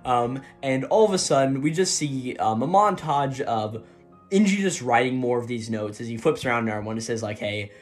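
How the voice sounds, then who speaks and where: A man rambles through a comic recap in loose, casual chat, stacking fillers and tagging lines with "right?". His pitch sits mid-range, and faint music plays underneath. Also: lively intonation, brisk. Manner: rambling, filler-heavy, keeps asking "right?". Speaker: manga recap host.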